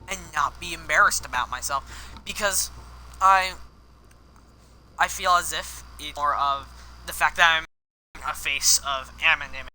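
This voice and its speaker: A man's voice: on the high side, measured pace, pauses often, sharp tone, slight background noise, low-quality recording. A man streaming a video game, rambling candidly and swearing often while he plays. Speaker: gaming streamer. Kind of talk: live game commentary with personal confession.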